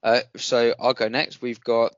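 A man's voice: medium pitch, little pitch movement, dry recording. Male co-host, rambling and jokey, dry close sound. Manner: jokey, rambling, quick to laugh. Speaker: podcast co-host. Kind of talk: casual chat. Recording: dry, slightly dull sound.

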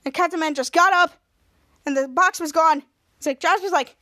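A woman's voice: extremely high pitch, sharp tone. A woman hosting a podcast, recapping a TV episode scene by scene in a rambling, casual way and popping into the characters' lines. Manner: retells scenes with quick quoted voices, rambling restarts. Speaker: podcast host.

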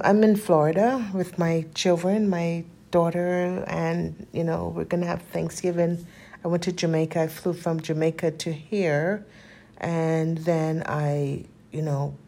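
A woman in her fifties vlogging in a casual, heartfelt way, earnest and spiritual, rambling with frequent pauses and fillers. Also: on the low side, darkish tone. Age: 50s. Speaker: lifestyle vlogger.

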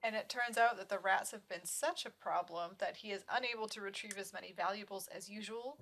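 A woman's voice: medium pitch, a little fast, a bit bright, slight background noise. A woman co-hosting a horror film podcast in a chatty, laughing way with lots of "like" fillers. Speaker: podcast co-host. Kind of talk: casual chat.

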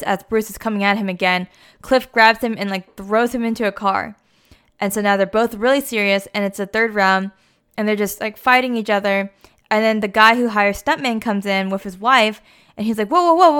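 A woman's voice: mid-range voice, a bit bright, clean tone. A young adult woman casually retelling a story, chatty and full of fillers like "like" and "you know".

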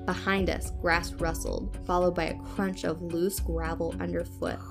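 A woman podcast host reading a spooky story aloud in a hushed, suspenseful way. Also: on the low side, level tone, unhurried, creaky, music in the background.

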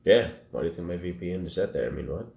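Very deep gravelly man joking. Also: racing. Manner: joking, deadpan, swears freely. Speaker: podcast co-host. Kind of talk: casual banter. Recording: echoey room with faint noise.

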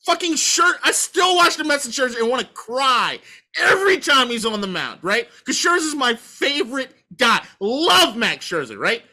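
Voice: high-pitched, very animated, normal speed, sharp tone. Heated, profane sports-talk ranter. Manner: emphatic repetition.

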